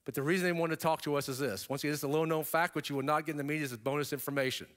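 A middle-aged man tells his story from a keynote stage in a voice pitched a touch high for a man. He is an animated storyteller whose pitch leaps up for emphasis, and he drops in casual asides to the audience. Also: very fast. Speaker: keynote speaker.

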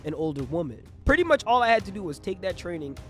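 A young man telling a comedic story in casual slang, animated and swinging between loud bursts and hushed asides. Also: high-pitched, quick pace, faint music behind.

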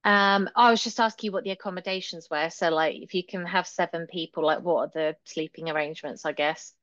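A woman's voice: lowish voice, fairly even intonation, a little fast, a bit bright, no echo, highs cut off. A woman hosting a podcast interview, asking questions in a friendly, inquisitive way. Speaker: podcast host. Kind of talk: casual interview chat.

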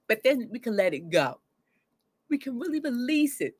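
A woman therapist with a fairly high voice talks to camera in a loose, conversational way, dropping casual slang. She acts out people's inner voices, swinging between loud bursts and quiet asides. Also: normal speed, slightly rough. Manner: animated, acts out inner voices with sudden swings in pitch and loudness. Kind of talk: talking to camera about grief and letting go.

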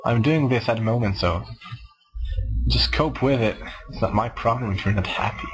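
A man's voice: medium pitch, moderate pace, low-quality recording. A man casually commenting on his own gameplay, rambling and self-mocking as he talks to himself. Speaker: let's play gamer.

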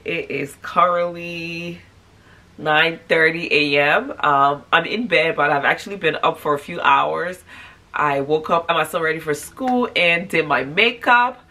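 A woman's voice: a little slow, sharp tone. Congested woman vlogging from bed. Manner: low-energy, tired, chatty. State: congested, stuffy nose. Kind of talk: casual morning vlog talk to camera. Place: at home in bed.

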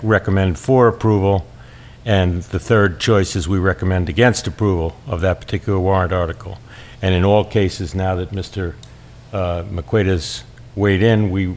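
A deep-voiced man runs a local board meeting, moving through the agenda in measured, procedural steps. He often pauses on "uh" while he finds his words. The recording picks him up a little off-mic, with faint noise in the room. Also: darkish tone. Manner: measured, procedural, with frequent fillers. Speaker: board chair. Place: town hall meeting room.

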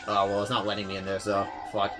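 A young man giving casual gameplay commentary, fast-talking, swearing, often stumbling over words. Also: lowish voice, monotone, over music. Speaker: let's player.

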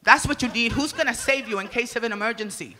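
A woman from the Republic, doing a crude, loud stand-up comedy set and shouting her punchlines. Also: on the high side, fast. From Dominican Republic. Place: comedy stage before an audience. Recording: reverberant live venue, faint ambience.

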